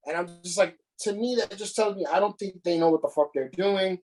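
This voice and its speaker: A man's voice: high-pitched, fairly quick, a little mellow, faint music behind, low-quality recording. A man co-hosting a casual podcast, ranting with frequent swearing and restarts. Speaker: podcast co-host.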